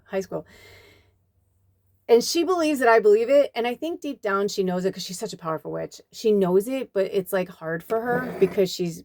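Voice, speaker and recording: Low, mellow-voiced woman telling stories. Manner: chatty, rambling, quotes people in lively voices. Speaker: spiritual medium and card reader. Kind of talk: casual storytelling to camera.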